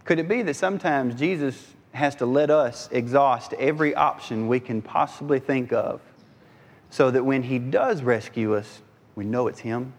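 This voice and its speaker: A man's voice: medium pitch, moderate pace. Man preaching in an echoing hall. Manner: animated, dips into voices of disciples and Jesus. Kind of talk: sermon. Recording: long hall reverb.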